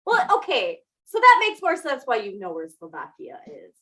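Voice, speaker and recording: A woman's voice: on the high side, wildly swooping pitch, normal speed, bright, forceful tone, low-quality recording. A young adult woman co-hosting a podcast in casual chat, laughing often and teasing herself. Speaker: podcast co-host.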